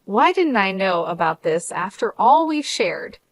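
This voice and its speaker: A woman's voice: mid-range voice, big pitch swings, a little slow, no room sound. A woman narrator voicing a greedy, anxious young woman who pleads and protests in a story reading. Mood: accusing.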